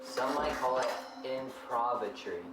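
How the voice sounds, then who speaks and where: A young man, a guest performer, introducing improvised comedy poetry in a dry, deadpan way. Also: mid-range voice, a little slow, heavy background noise. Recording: roomy, distant, loud music behind.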